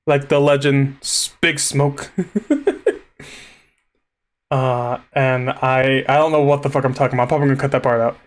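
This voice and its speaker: A man's voice: medium pitch, steady tone, normal speed, long pauses. A young man, a vtuber, rambling casually and self-consciously at his computer mic, stammering through restarts and turning emotional as he thanks viewers. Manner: laughs nervously, grows emotional. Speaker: vtuber gaming streamer.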